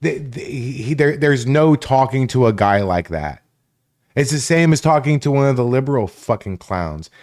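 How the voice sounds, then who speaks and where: A man's voice: medium pitch, lively intonation, normal speed, darkish tone. Profane, combative male livestreamer. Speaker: livestream host. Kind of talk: live stream commentary rant.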